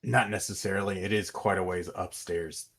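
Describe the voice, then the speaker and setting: A man narrating as game master, relaxed and hesitant, with many fillers. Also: sits low, moderate pace, breathy edge.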